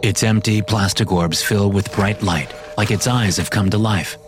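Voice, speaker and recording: A man narrating a first-person horror story in a wry, deadpan way. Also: on the low side, normal speed. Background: music.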